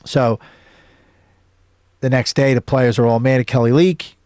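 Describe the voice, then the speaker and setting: A man's voice: mid-range voice, fairly even intonation, measured pace, darkish tone, dry recording, studio quality. A man hosting his own show, casually recapping a film scene by scene with many fillers and restarts. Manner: rambling recap with many fillers and self-corrections. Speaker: host.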